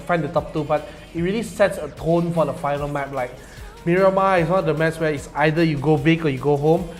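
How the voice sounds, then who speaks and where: A man, casting an esports match live, excitable and full of "lah" and "you know" fillers. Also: a little high. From Malaysia. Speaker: esports caster. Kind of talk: live game commentary.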